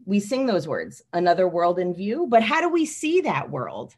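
A woman leading a children's message in worship, reading aloud slowly and teaching with a light laugh. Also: on the low side, sing-song, darkish tone.

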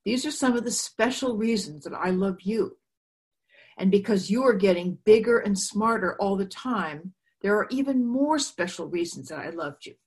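A woman giving a children's talk in a church service, telling a story slowly and gently with props. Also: medium pitch, expressive.

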